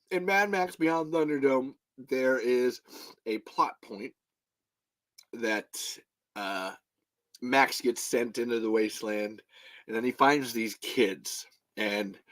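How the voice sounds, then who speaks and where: A man's voice: mid-range voice, animated, slow pace, long pauses, fairly bright tone. An American man hosting a podcast in casual chat, rambling with restarts, swearing and laughing often. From United States. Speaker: podcast host.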